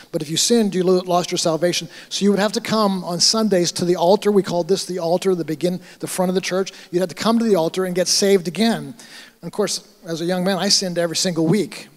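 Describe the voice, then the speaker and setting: High-voiced male pastor in a reverberant hall. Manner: conversational preaching with acted-out asides. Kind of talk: sermon. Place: church hall. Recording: church hall with long reverb.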